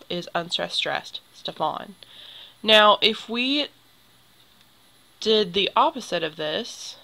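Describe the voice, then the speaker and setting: A woman's voice: fairly low pitch, bright, forceful tone, low-quality recording. A young woman teacher explaining poetry to a class, patient and step by step. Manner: explains patiently, draws symbols while talking.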